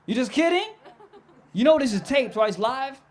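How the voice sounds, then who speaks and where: A man's voice: very high-pitched, animated, normal speed. A young man doing live stand-up comedy, brash and profane, laughing and riffing on the crowd.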